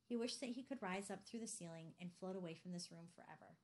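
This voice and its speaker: A woman narrating a novel aloud in a steady, measured reading. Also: fairly low pitch. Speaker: audiobook narrator. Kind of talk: scripted narration.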